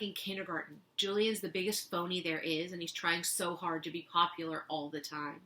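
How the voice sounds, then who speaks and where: A woman reading a children's novel aloud as a teacher, giving the dialogue lively expression. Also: on the low side, normal speed. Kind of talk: storybook read-aloud.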